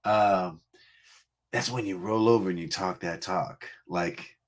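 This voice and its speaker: A man's voice: deep voice, takes it slowly. A man from Connecticut hosting a music livestream, chatting casually in a playful, teasing, rambling way with frequent laughs. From Connecticut, USA. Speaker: livestream music show host.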